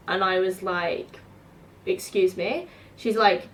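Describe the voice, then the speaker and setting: A woman in her twenties from England, chatting casually to camera and acting out both sides of conversations in quick bursts. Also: mid-range voice, steady tone, fairly bright tone. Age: 20s. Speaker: vlogger. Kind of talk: casual storytelling vlog. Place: her home.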